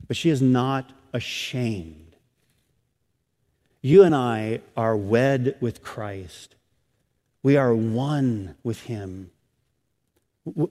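A middle-aged male pastor delivers a sermon at an ordinary mid pitch, climbing into emphatic, raised lines and then dropping to near-hushed asides. His voice rings out with a long reverb tail, as in a church sanctuary. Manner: preaching with rising, emphatic bursts and hushed asides.

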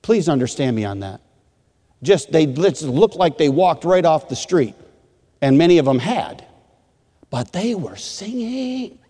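A man who leads a congregation, telling his story with lively, dramatic storytelling and slipping into the voices of others. His voice sits a bit high for a man, and long reverb from a large hall trails after every phrase. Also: normal speed. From rural Michigan, USA. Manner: animated storytelling, acting out quoted voices. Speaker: pastor. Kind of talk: testimony sermon.

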